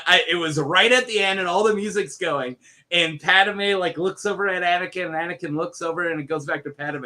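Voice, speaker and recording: A man's voice: high-pitched, pushed and bright, a little hiss or hum. A man co-hosting a casual podcast chat, joking, laughing often and swearing casually. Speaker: podcast co-host.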